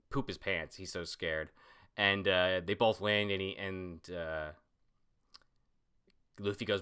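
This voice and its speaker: Low-voiced man reacting to manga. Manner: excited, swears casually. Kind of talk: casual reaction commentary.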